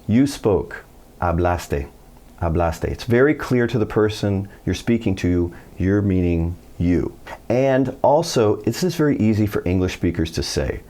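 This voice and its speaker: A middle-aged man with a very low, deep voice gives a Spanish lesson to camera. He explains grammar casually and tells anecdotes, jumping his voice up to act out the people he quotes. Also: normal speed. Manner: animated storytelling, acts out quoted voices. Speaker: Spanish teacher. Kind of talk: video lesson.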